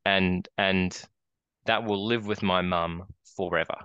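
Deep, flat-voiced Australian man. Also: takes it slowly, smooth, no room sound, highs cut off. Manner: rambling storyteller, many restarts and fillers. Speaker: podcast co-host. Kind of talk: casual chat.

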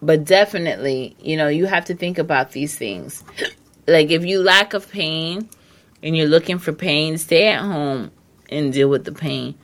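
Blunt, slow-talking woman giving advice. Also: sits low. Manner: emphatic, repetitive, blunt with profanity. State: hiccups. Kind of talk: casual advice monologue.

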